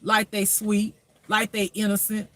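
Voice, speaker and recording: High-voiced, preachy spiritual teacher man. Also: completely flat delivery, unhurried, a bit bright, no echo. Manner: preachy, emphatic, fires rhetorical questions. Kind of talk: spiritual reading monologue.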